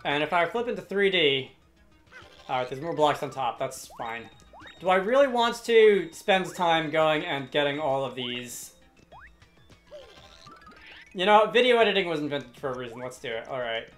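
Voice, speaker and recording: Brief: rambling, casual gameplay commentator with soft game music under. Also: mid-range voice, animated, moderate pace, long pauses. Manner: rambling, chatty, self-deprecating. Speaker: let's play commentator.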